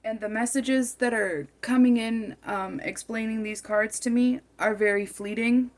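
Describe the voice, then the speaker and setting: A woman's voice: on the high side, fairly even intonation, unhurried. A woman giving a tarot card reading, musing aloud and often repeating and rephrasing her phrases as she goes.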